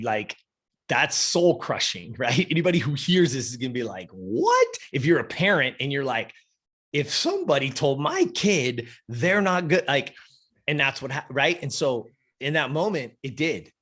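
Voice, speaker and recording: A man's voice: medium pitch, fairly bright tone. A man in his fifties, a podcast guest, telling a personal story in a casual, emphatic and profane way. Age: 50s.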